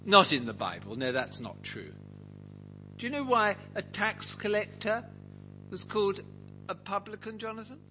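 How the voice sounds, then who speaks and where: A man's voice: high-pitched, sing-song, moderate pace, pauses often, pushed and bright, a little hiss or hum, low-quality recording. A man teaching a Bible passage to a group, asking them questions and acting out quotes. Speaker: preacher leading a Bible study.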